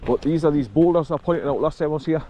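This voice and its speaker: A man's voice: on the high side, fast, dark tone, muffled recording. An older man chatting casually while walking his dog outdoors. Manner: chatty, laughs often, coos at his dog. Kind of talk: casual outdoor vlog chat. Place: outdoors by a river road in wind. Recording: wind noise outdoors.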